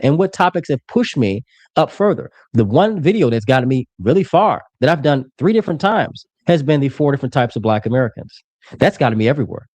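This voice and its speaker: A young man in his twenties argues in a streamed debate, fast and combative, with lots of swearing and talking over the others. His pitch leaps up and down as he presses his points. The sound is close and dry. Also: a little mellow, no room sound. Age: 20s. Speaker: political commentator. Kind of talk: heated debate on a live stream.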